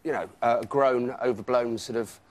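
A man guesting on a TV show, an actor, rambling and halting. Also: mid-range voice. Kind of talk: casual TV interview.

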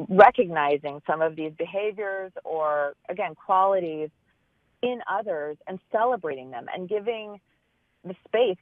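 A woman's voice: on the low side, no room sound. A woman author and business owner giving earnest, thoughtful answers in an interview, often restarting her phrases as she searches for the words. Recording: tinny phone line.

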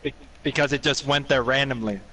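A man from Minnesota with a Minnesotan accent, chatting casually on a voice call and telling stories in a halting, rambling way. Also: medium pitch, steady tone, sharp tone. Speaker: guest on a voice call. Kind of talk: casual chat. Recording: noisy voice-chat line.

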